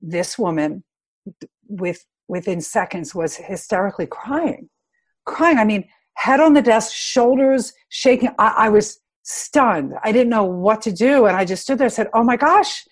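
A middle-aged woman sharing heartfelt personal stories in a casual conversation, growing lively when she quotes other people. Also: medium pitch, measured pace, slightly rough. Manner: earnest, animated when quoting others.

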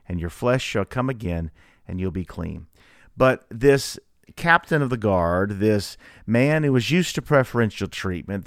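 A man's voice: no room sound, studio quality. Earnest man preaching a devotional. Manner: earnest, rhetorical questions, emphatic swings in pitch. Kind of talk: Bible reading and devotional sermon.

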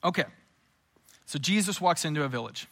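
A man preaching a sermon as a pastor. He tells Bible stories in a lively, casual way, with quick asides and acted-out scenes. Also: fairly high pitch.

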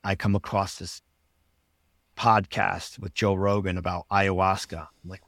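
A man's voice: low-pitched, little pitch movement, measured pace, vocal fry, fairly bright tone, dry recording. A man, a podcast guest, telling his personal story in an earnest, reflective way.

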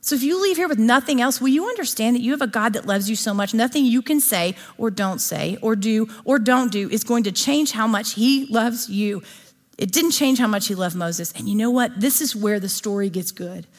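A woman's voice: a little high, normal speed. Conversational woman preaching a sermon. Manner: conversational, asks the audience questions. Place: church or gathering before an audience.

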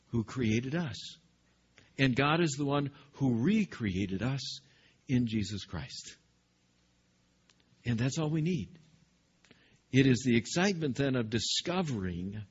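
A male pastor preaching a sermon in an animated way, speaking directly to his congregation. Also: mid-range voice, slightly rough, dull audio. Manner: animated, acts out scripture dialogue, addresses the congregation directly.

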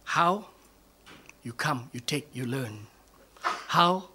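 A man preaching a sermon, asking rhetorical questions and answering them, dropping to near whispers and then building to loud, emphatic calls. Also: mid-range voice, lively intonation, takes it slowly, pauses often, slightly rough. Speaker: pastor.

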